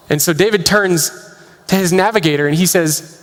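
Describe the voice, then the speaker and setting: Keynote speaker, male, high and animated voice, energetic storyteller, echoey conference hall. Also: a little fast. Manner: energetic, rhetorical questions to the audience. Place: large conference hall with live audience.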